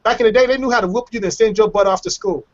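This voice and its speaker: A man's voice: sits high, very fast, a little hiss or hum. Guy hosting a web chat show, storytelling, lots of restarts, muffled lo-fi call audio. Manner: animated storyteller who acts out quotes and repeats words. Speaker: show host. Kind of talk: casual chat on a web hangout. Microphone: webcam or computer mic on a video call.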